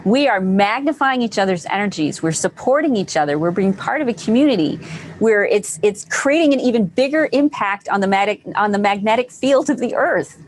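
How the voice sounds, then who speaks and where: A woman's voice: medium pitch, expressive, normal speed, slight background noise. Enthusiastic woman hosting a live stream. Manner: enthusiastic, encouraging, repeats phrases. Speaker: host of a live online group session. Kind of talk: casual live-stream talk.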